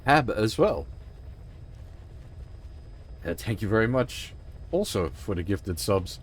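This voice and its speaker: A man's voice: lowish voice, big pitch swings, slow, long pauses, husky. A man streaming a video game, talking casually in a rambling, emphatic way, swearing often and sounding emotionally choked up. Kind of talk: casual livestream commentary.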